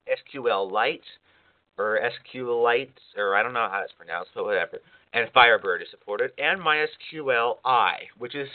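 A man explains a software installation in a loose, conversational way, often pausing with fillers and correcting himself mid-sentence. His voice sits at an ordinary pitch. The sound is narrow and phone-like. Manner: informal, rambling with fillers and self-corrections. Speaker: software tutorial presenter. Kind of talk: casual screencast walkthrough.

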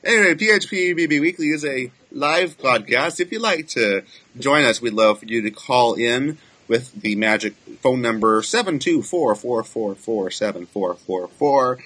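A man hosting a casual live podcast, chatting easily, laughing often and reading show notices and sponsor copy briskly. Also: mid-range voice, lively intonation, fairly bright tone, slightly rough. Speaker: podcast host. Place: San Francisco studio.

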